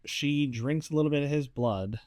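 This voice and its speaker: A man chatting casually as a podcast co-host, animated, acting out characters' lines as he talks. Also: on the high side, normal speed, no echo, studio quality. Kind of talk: casual chat reviewing a series.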